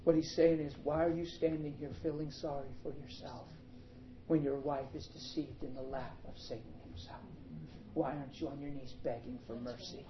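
A man with a fairly high voice preaches a sermon and tells a story with flair, acting out the voices of the people in it. The recording is a little dull and muffled, with a faint hiss in the background. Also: fairly even intonation, normal speed. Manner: dramatic storytelling, acting out quotes. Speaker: pastor.

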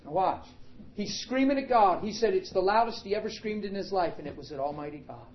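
High-voiced pastor telling a dramatic story. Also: male voice, lively intonation, a little fast, highs cut off. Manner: dramatic storytelling, acting out quotes. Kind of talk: sermon.

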